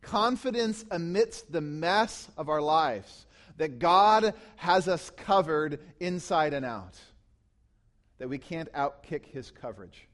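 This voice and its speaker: A man preaches, explaining scripture verse by verse. His voice sits fairly high, climbing into loud, emphatic runs and sinking back to soft, low passages. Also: expressive, slow pace. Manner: builds to loud emphatic peaks, then drops low and quiet; teaching tone, explains grammar of scripture. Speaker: pastor. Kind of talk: sermon.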